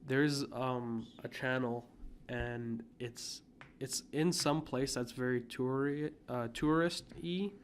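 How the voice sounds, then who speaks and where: A man's voice: medium pitch, steady tone, takes it slowly, slight background noise. A man co-hosting a podcast in casual chat, rambling with lots of filler words. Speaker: podcast co-host.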